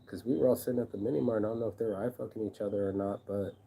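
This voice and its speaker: A man's voice: fairly low pitch, steady tone, very fast, gravelly, warm tone, a little hiss or hum, low-quality recording. A man delivering a rambling, aggrieved vlog monologue, swearing freely and circling back on his own words. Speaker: vlogger and shirt designer. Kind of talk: casual venting monologue.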